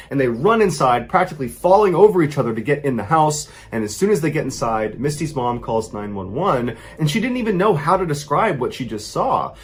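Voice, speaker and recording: A man narrating a true horror story in a suspenseful storytelling style. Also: on the high side. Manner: suspenseful, builds tension with rising intensity.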